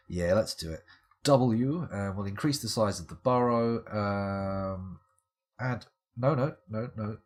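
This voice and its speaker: A man's voice: fairly low pitch, husky. A man streaming live game commentary, with wry, rambling, self-mocking asides.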